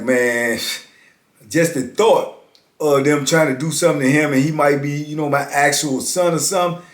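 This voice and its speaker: A man in his fifties tells a story from his own life in an easy, conversational way, dropping "man" into nearly every sentence. His voice sits a little high for a man. The recording picks up a noticeable echo from the room. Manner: laid-back, conversational, heavy use of "man". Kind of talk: casual spoken storytelling. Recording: roomy echo.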